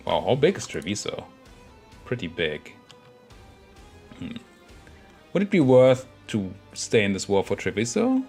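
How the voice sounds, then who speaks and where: A young man casually commentating his own strategy game, thinking aloud and muttering at the units on screen. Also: low-pitched. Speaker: gameplay commentator.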